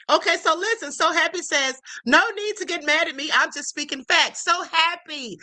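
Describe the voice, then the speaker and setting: A woman's voice: extremely high pitch, moderate pace, few pauses, sharp tone. A woman hosting a livestream, chatting assertively and reassuringly about a court case. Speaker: livestream host. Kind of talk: casual commentary.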